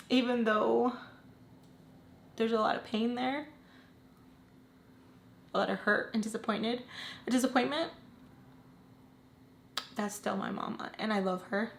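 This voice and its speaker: A woman telling a personal storytime, candid and blunt, swearing freely and dropping low and quiet at emotional moments. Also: measured pace, gravelly, pauses often, a little hiss or hum. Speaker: storytime vlogger. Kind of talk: casual storytelling.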